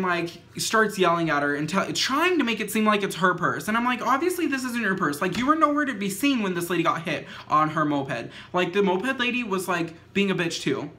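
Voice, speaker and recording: A young woman telling a story in a casual vlog, filling nearly every phrase with "like", swearing freely and acting out what people said. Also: on the low side. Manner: says "like" constantly, swears freely; animated retelling with acted quotes. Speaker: vlogger.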